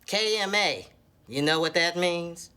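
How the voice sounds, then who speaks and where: A woman's voice: lowish voice, animated, unhurried, very noisy. An actress playing a giddy woman newly hooked on social media, talking in a bubbly, sing-song way, in a sitcom with audience laughter.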